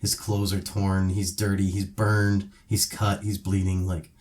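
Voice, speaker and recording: A man's voice: low-pitched, a little slow. A man co-hosting a casual podcast, talking through movie scenes with lots of fillers. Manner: animated retelling, many fillers. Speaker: podcast co-host. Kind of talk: casual chat.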